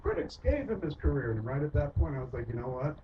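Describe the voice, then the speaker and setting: A man's voice: a little high, sing-song, quick pace. Distant, muffled man telling profane stories. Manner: swears constantly, acts out quoted voices. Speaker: filmmaker. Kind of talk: casual profane storytelling. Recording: distant muffled recording with loud noise.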